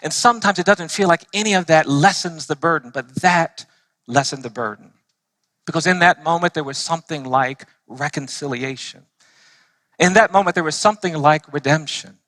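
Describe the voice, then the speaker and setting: A man, a lawyer, telling stories in an impassioned speech to a church audience, slowing down to stress his points. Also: fairly high pitch, fairly bright tone, dry recording. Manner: earnest storytelling, slowing for emphasis.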